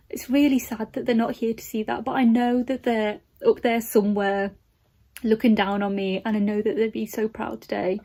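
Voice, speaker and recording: Emotional woman, warm mellow tone. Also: a little high. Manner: earnest, emotional, rambling, breaks into laughs and soft near-whispers. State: emotional, close to tears. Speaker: nursing student vlogger. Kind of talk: emotional motivational vlog.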